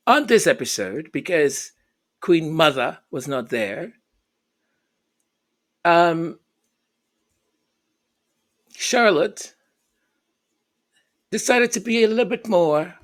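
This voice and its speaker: Slow, sarcastic high-voiced man. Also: a bit bright. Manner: sarcastic, exasperated, repeats phrases. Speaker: royal commentary vlogger. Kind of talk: mocking commentary.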